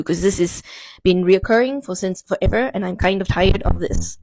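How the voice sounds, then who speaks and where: A woman's voice: mid-range voice, normal speed, darkish tone, slight background noise. A young woman tells a personal story to camera, in a dry, sardonic way. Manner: dry, sardonic, repeats a catchphrase between beats. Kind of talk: storytime vlog.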